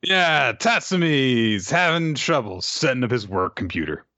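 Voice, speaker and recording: A man casually recapping an anime episode as a podcast co-host, rambling with fillers and quick asides. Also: medium pitch, big pitch swings, bright, forceful tone, no room sound, lo-fi sound. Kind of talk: casual chat.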